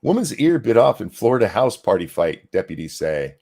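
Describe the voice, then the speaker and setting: A man co-hosting a podcast, reading news articles aloud in a deadpan way and breaking off for dry asides. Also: fairly low pitch, fairly quick, creaky, husky. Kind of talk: casual news commentary.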